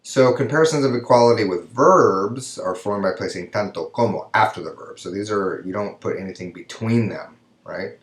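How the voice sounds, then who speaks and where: A man's voice: fairly low pitch, moderate pace, few pauses. A man teaching a recorded grammar lesson, explaining step by step and often checking in with "right?". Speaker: Spanish teacher. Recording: echoey room.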